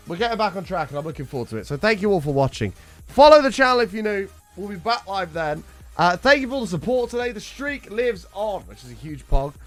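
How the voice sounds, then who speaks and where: A young man with a high-pitched, fairly bright voice chats casually on his livestream, telling a rambling story and swearing freely.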